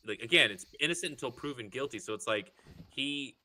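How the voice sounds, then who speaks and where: A young man in casual chat while gaming over online voice chat, rambling through animated stories with many fillers. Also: medium pitch, brisk, a little hiss or hum. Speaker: streaming co-player.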